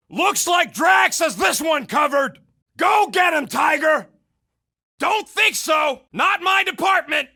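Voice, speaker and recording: Rocket Raccoon, high and gravelly. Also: male voice, full character voice. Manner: brash, yelling, sarcastic quips. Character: gruff wisecracking male raccoon gunner. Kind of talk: video game combat callouts.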